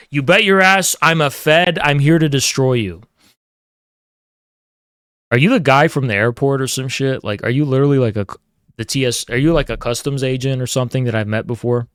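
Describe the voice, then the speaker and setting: Smooth-voiced profane streaming man. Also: medium pitch, fairly bright tone, no echo, clean studio sound. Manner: profane, taunting, mock-grandiose. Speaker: livestream host. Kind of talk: casual streaming rant.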